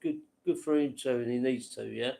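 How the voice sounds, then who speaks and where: A man's voice: medium pitch, a little fast, creaky, warm tone. A man hosting a casual late-night livestream, rambling to viewers by name and laughing at his own stories. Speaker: livestream host.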